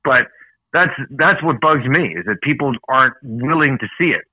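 Over a tinny line that sounds like a phone call, a Canadian podcast co-host chats casually, ranting with blunt opinions and plenty of swearing. His medium-pitched voice is expressive, at a normal pace, with no echo.

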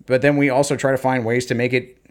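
A man in casual conversation, telling parenting stories and acting out talks with his kids in lively bursts. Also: mid-range voice, quick pace. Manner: animated storyteller, acts out talks with his kids. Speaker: podcast co-host, parent. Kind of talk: casual chat.

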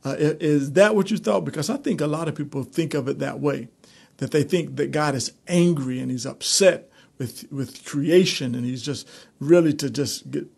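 A male pastor teaching a streamed Bible study in a conversational preaching manner, building to animated emphasis. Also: on the high side, normal speed, creaky, husky.

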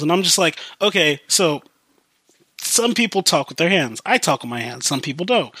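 A man's voice: a little high, animated, moderate pace, a bit bright, no echo. A young man hosting a podcast, telling a long story in a casual, rambling way, full of fillers. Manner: rambling, heavy use of fillers like "like" and "you know". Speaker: podcast host.

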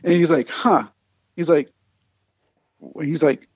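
A man, a comic artist, telling animated anecdotes in casual conversation and acting out the people he quotes. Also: a little high, takes it slowly, slightly rough, dry recording, highs cut off. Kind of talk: casual storytelling.

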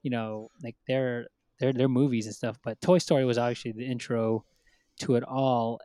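A man's voice: mid-range voice, level tone, normal speed, warm tone, clean tone, dry recording. A man co-hosting a casual podcast chat, rambling with many fillers and acting out quotes. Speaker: podcast co-host.

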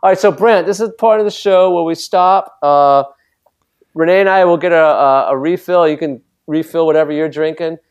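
A man co-hosts a casual podcast chat, rambling through old stories and swearing freely. His voice sits a little higher than most men's. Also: moderate pace, smooth. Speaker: podcast co-host.

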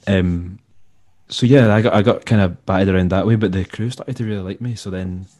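A Scottish man, a musician and tour manager, telling stories in a relaxed, rambling way and acting out the people he quotes. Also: low-pitched, a little fast. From Scotland. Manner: rambling, laid-back, acts out quoted dialogue. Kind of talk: casual storytelling interview.

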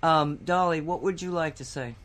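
A woman hosting a casual chat, speaking in a halting way and repeating words as she goes. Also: sits low, a bit bright, slight background noise. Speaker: host.

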